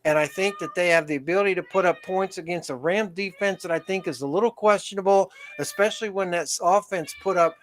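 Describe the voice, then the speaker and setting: A man's voice: high voice, fast, few pauses, slight background noise. A man hosting a casual sports talk show, rambling through game picks and often restarting his sentences. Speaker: host.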